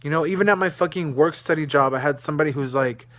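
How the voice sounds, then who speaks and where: A young man from Dallas, Texas, records an emotional video diary in his room. He vents in an agitated, profane way, and at times his voice sinks to a low, weary murmur. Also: fast, fairly bright tone. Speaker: vlogger.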